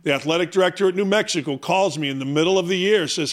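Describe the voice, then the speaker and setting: A man's voice: sits high, quick pace, few pauses. A middle-aged man hosting a sports talk show, ranting in an opinionated monologue, mocking himself and hammering rhetorical questions.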